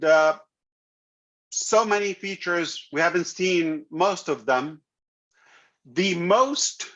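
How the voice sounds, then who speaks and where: A man hosting a live online meeting, pitching a product with emphatic, repeated phrases. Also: sharp tone. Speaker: company leader hosting a live web meeting. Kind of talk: enthusiastic pitch to an online audience. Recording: dull lo-fi web call audio.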